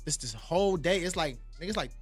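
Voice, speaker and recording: A man, a music producer, telling casual, profane stories in a fast, animated way. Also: a little high, husky, dry recording. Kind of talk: casual storytelling in interviews.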